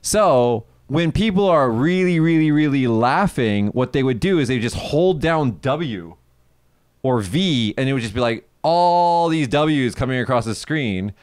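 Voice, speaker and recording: A man's voice: medium pitch, lively intonation, measured pace, smooth, no room sound, studio quality. A young man co-hosting a casual chat, asking questions and giving long explanations. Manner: explains at length, asks follow-up questions. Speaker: co-host.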